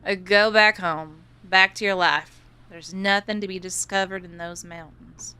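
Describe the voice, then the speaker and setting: A woman's voice: medium pitch, fairly even intonation, unhurried, bright, forceful tone, smooth. A woman reading the lines of a wary village café worker in a horror game, blunt and warning.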